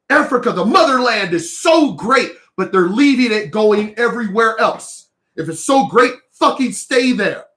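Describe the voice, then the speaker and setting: Host, male, high-pitched, angry profane ranter, raises voice to a shout at times. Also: expressive, moderate pace, hardly any pauses. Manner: heated, profane, emphatic, sometimes shouting. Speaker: reaction commentator. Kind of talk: ranting reaction commentary.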